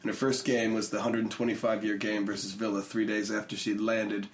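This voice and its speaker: A man's voice: on the low side, little pitch movement, brisk, slight background noise. A man on a casual football podcast, reading a listener's email aloud. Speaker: podcast co-host.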